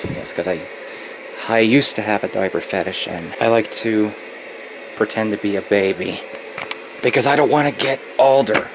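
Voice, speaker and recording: In a noisy home recording, a man in his twenties vlogs casually from a closet, gloomy and nostalgic, swearing often while he complains. His voice is fairly low and he talks at normal speed.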